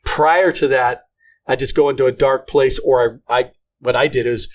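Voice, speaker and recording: A man's voice: mid-range voice, steady tone. A middle-aged man co-hosting a faith podcast, talking earnestly with frequent restarts. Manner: earnest, halting, many restarts. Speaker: podcast co-host. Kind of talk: casual faith conversation.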